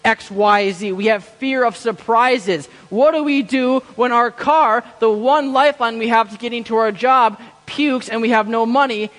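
Young male pastor, lively storyteller; bright high register, recorded in a reverberant church hall. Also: normal speed, few pauses. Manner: storytelling with quoted inner voices, repeats words. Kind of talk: sermon.

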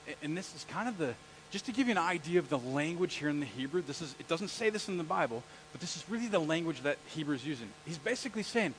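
A male pastor preaches a sermon in a conversational way, often putting questions to the congregation. His pitch sits a bit high and swings widely, and a faint hum runs behind his voice. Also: expressive, fast talker, a bit bright, low-quality recording. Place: church.

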